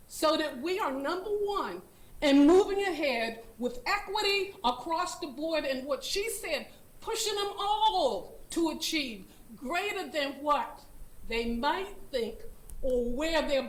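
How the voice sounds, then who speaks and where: An older woman speaking earnestly and unscripted during public comment at a school board meeting, with a laugh now and then. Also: high voice. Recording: echoey meeting room.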